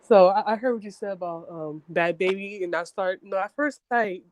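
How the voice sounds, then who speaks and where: A woman's voice: mid-range voice, normal speed, a little mellow, no echo. A woman calling in to a live show, talking casually and hesitantly with many ums. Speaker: caller. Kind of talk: casual call-in chat.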